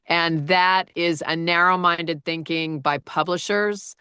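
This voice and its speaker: Low, bright-voiced chatty woman. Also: fairly even intonation, slow pace, clear, resonant tone, dry recording, clean studio sound. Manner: chatty, laughs often while telling stories. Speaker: audiobook narrator. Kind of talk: casual chat.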